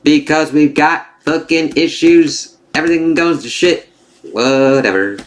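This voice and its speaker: A man's voice: on the high side, unhurried. A man giving an opinionated spoken review of a TV series. He is blunt and exasperated, swears heavily, and slips into mocking voices when he quotes characters.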